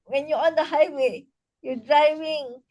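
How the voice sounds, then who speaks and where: A woman leads a laughter yoga class, with a high voice that keeps climbing into bursts of loud, rhythmic laughter and cheers. She talks slowly and calmly between the exercises, like a teacher guiding a group. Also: poor audio. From Malaysia. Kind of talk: leading a laughter yoga session.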